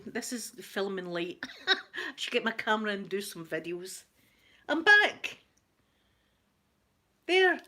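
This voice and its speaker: A woman's voice: medium pitch, sing-song, unhurried, pauses often, pushed and bright. Chatty self-mocking Scottish woman. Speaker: ASMR vlogger. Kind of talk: casual chat to viewers. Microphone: laptop.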